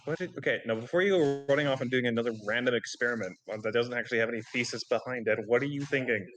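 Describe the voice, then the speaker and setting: A man's voice: mid-range voice, very fast, rough recording. A man playing a tabletop role-playing game who banters in character, blunt and sardonic, lecturing the others. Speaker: player.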